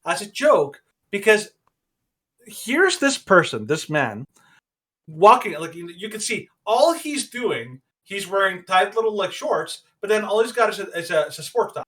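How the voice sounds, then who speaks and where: A male podcast co-host gives casual, opinionated commentary in a rather high voice. He talks emphatically, starting over and rephrasing often as he works through his point. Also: big pitch swings, a little slow, a bit bright, slightly rough. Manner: opinionated and emphatic, rambling with many restarts.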